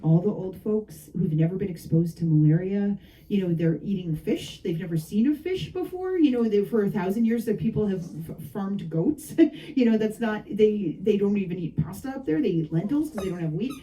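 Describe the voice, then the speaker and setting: A woman's voice: medium pitch, normal speed, recorded from a distance, poor audio. Woman author telling stories at a book talk, laughs a lot, faint room hum behind. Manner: lively anecdotal, frequent laughs and asides. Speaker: novelist discussing her book. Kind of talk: storytelling talk at a book event. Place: bookshop event.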